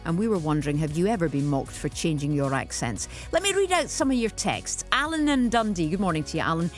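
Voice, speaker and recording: A woman's voice: fairly low pitch, sing-song, quick pace, soft background music. A woman with a Yorkshire accent presenting a morning radio phone-in, chatty and reading out listener texts. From England. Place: radio studio. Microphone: studio microphone.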